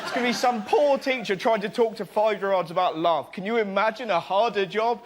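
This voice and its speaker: A man's voice: sits high, a little fast, few pauses, over a noisy crowd. A man doing a giddy, playful comedy routine on a panel show, telling silly stories. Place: TV studio with a live audience. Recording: loud studio audience laughter and noise.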